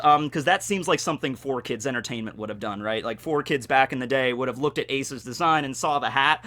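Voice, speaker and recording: A man hosting a casual anime commentary video, animated and jokey, with plenty of fillers. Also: medium pitch, a little fast, hardly any pauses. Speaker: YouTube host.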